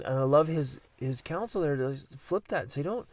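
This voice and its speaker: A man's voice: a little high, expressive, moderate pace, few pauses, a little mellow, no room sound. A man hosting a motivational podcast, speaking earnestly and often repeating words as he starts a phrase. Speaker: podcast host.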